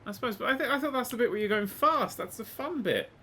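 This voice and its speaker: A man talks through a video game in a casual, excitable way, full of swearing. His bright voice leaps between low mutters and loud outbursts. Faint background noise and keyboard typing sit behind him. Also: quick pace. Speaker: gaming YouTuber. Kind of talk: casual let's-play commentary.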